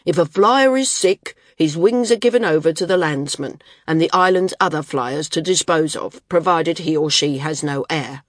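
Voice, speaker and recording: A woman's voice: low voice, normal speed, hardly any pauses, dry recording, studio quality. A woman voicing a stern, stubborn male landsman who argues his case with a raised, insistent voice.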